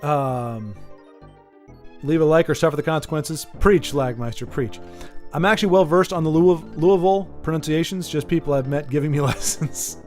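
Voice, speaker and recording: A man's voice: a little high, normal speed, darkish tone, soft background music. A man streaming a game who rambles and jokes while greeting viewers by name in a casual chat. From United States. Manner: rambling and jokey, talking straight to viewers by name. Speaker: livestreamer talking to chat.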